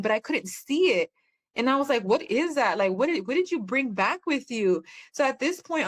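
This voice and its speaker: A woman's voice: a little high, fairly bright tone. Plainspoken woman telling her story. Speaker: podcast guest. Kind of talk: personal testimony.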